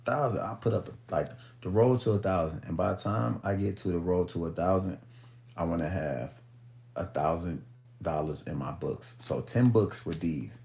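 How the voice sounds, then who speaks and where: A man's voice: sits low, moderate pace, creaky, a little mellow. A young man chatting casually on a phone live stream in laid-back, profane slang, then reading a book aloud. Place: at home, in bed.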